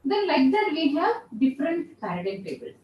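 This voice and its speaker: A woman's voice: high-pitched, big pitch swings, moderate pace, lo-fi sound. A woman professor, giving a classroom lecture and patiently repeating terms as she explains. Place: lecture room. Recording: echoey room, voice from far off.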